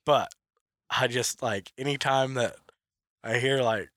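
A man's voice: medium pitch, takes it slowly, a bit bright, dry recording, studio quality. A man chatting casually about hunting, rambling with lots of fillers and frequent laughter. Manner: rambling, heavy use of "like", laughs often. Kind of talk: casual chat.

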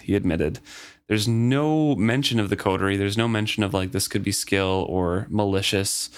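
A man co-hosting a casual book discussion, retelling the plot in a relaxed, tentative way. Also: on the low side, normal speed, clean tone. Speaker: podcast co-host.

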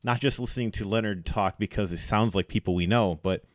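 A man hosting a casual sports chat, analytical and quick to laugh, running through game numbers. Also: on the low side, dry recording, studio quality. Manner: chatty, analytical, laughs easily, quotes stats. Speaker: sports podcast host.

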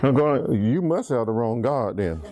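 Speaking a little slowly with a warm tone, this middle-aged pastor makes big pitch swings as he teaches from the Bible. He preaches call-and-response fashion, prompting the congregation to complete his lines.

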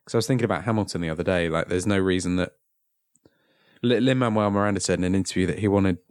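A man with a very low voice chats casually on a podcast. He talks haltingly, full of "uh"s and restarts. The sound is close and dry. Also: a little mellow, no echo. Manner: hesitant, many "uh"s and restarts. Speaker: podcast co-host. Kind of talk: casual chat.

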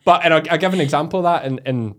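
Fast-talking Scottish man telling stories. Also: on the high side. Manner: fast, animated storytelling with many fillers. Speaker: podcast host. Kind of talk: casual interview chat.

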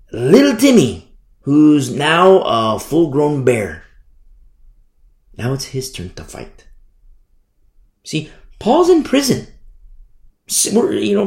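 A man's voice: fairly high pitch, vocal fry, darkish tone, echoey room. A man preaching a verse-by-verse Bible study sermon, repeating phrases and asking rhetorical questions. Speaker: pastor. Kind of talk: expository Bible teaching sermon.

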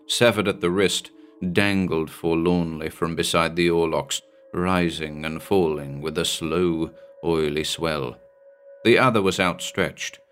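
A man reads a pulp horror tale in a measured, dramatic storytelling manner. His voice sits on the low side. Faint music plays quietly beneath the narration.

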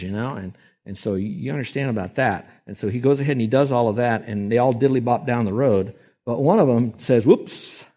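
A man preaching a sermon, animated and acting out voices when he quotes people. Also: mid-range voice. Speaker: pastor.

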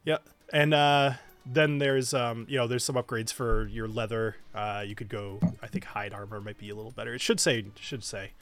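A man's voice: mid-range voice, fairly even intonation, normal speed, fairly bright tone. A man narrating as game master of a tabletop game, talking with lots of fillers, restarts and laughter. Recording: music playing faintly behind.

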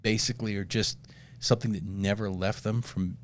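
A man's voice: lowish voice, fairly even intonation, brisk. A middle-aged man in casual chat, rambling and profane, laughing at his own jokes.

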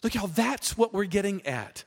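A man preaching a sermon, chatty and animated, often pausing with fillers. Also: sits high, creaky. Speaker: pastor. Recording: long reverb of a large hall.

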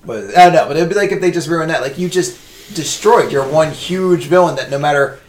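A young man co-hosting a casual podcast chat, animated and swearing freely, slipping into mocking put-on voices. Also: a little high, fairly quick, a little hiss or hum. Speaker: podcast co-host. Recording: echoey room.

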